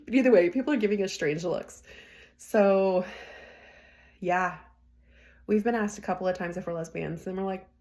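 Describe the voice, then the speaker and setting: A podcast host speaks at normal speed in a slightly mellow mid-range voice, with long pauses. She tells stories in a chatty, casual manner, laughing often and performing what people said.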